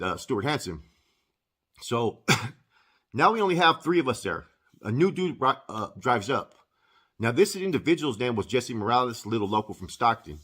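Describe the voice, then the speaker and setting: Husky norcal dude, swears a lot, blunt street talk, just telling his story. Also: medium pitch, fairly bright tone. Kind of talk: casual storytelling.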